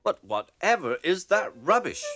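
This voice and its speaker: Prim lady railcar put on by a man, complaining, haughty, high and sing-song, storybook. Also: big pitch swings, moderate pace, sharp tone, heavily acted. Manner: prim, complaining, self-important. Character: fussy haughty female diesel railcar. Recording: background music.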